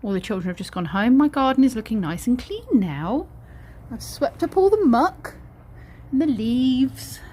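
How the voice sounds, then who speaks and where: A woman's voice: on the high side, very animated, moderate pace, mellow, slightly rough. A woman vlogging, chatting casually and cooing sing-song baby talk to little ones. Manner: sing-song, coos and plays with babies. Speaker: vlogger and mother. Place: back garden, outdoors. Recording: noisy home video.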